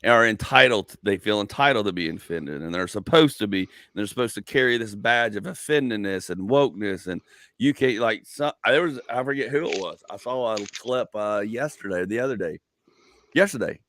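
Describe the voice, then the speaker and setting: A man's voice: fairly low pitch, a little fast, dry recording. A middle-aged man, a comedian hosting a casual chat, telling stories and acting out the people in them. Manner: animated, acts out voices in anecdotes, laughs loudly. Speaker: comedian and podcast host.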